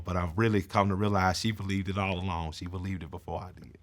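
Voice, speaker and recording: Man, lowish voice, soft-spoken, heartfelt, reflective talk. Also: quick pace, few pauses. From Atlanta, US. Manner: soft-spoken, heartfelt, reciting rap lyrics. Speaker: rapper explaining his song.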